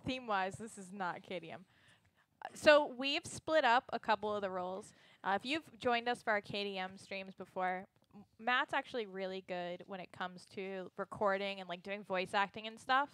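A woman's voice: medium pitch, normal speed, a bit bright, no room sound. A woman chatting casually with other players on a game stream.

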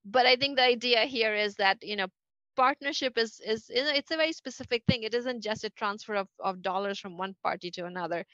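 Fast, halting woman guest on a dull call line. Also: a little high, sharp tone, dry recording. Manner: fast, halting, many fillers and restarts. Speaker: NASA associate administrator, interview guest. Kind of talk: conversational interview answers.

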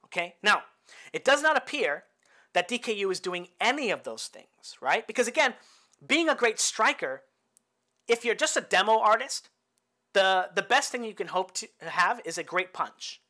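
A man with a bright, forward-sounding voice walks through fight footage as a boxing coach. He explains each point step by step and keeps checking in with "right?" and "okay?" along the way. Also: high voice, very animated, normal speed. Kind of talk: fight film breakdown.

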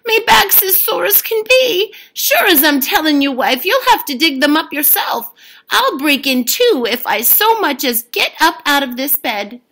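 Lady putting on a whiny lazy peasant guy from a storybook, bounces up high. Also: sing-song, measured pace, pushed and bright, full character voice. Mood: whining. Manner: whiny, self-pitying. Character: lazy whining Irish peasant man.

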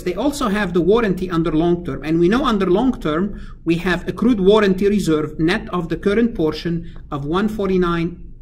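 A man's voice: sits high, darkish tone, slight background noise. A male accounting lecturer talking through figures step by step, with many fillers and restarts as he thinks aloud. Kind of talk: recorded screen-capture lecture.

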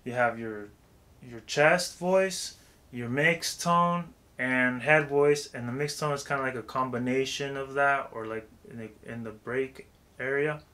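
A man giving a casual vocal warm-up tutorial, talking loosely with lots of filler phrases. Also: medium pitch, unhurried. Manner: loose and chatty, heavy with "like" and "you know what I'm saying".

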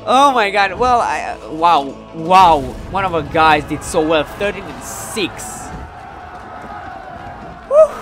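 A man giving live gameplay commentary. He is excitable and swears often, and he sounds frustrated during matches and more hesitant when looking back afterward. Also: fairly high pitch, slow pace, long pauses, music in the background.

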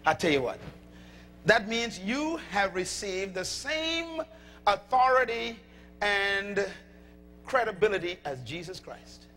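A male preacher delivering a sermon emphatically, calling out to the congregation and shouting at peaks. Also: high-pitched, big pitch swings, takes it slowly, a little hiss or hum. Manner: emphatic, calls to audience.

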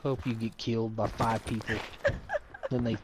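A woman's voice: rumbling low, flat delivery, normal speed. A woman playing an online game with friends, swearing furiously and scolding her teammate in a profane gaming party chat. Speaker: gamer. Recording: noisy game chat audio.

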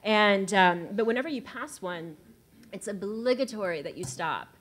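Lively storytelling woman from Texas. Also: mid-range voice, normal speed. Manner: animated, laughing, acts out quoted voices. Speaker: panel writer. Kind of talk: anecdotal storytelling on a panel.

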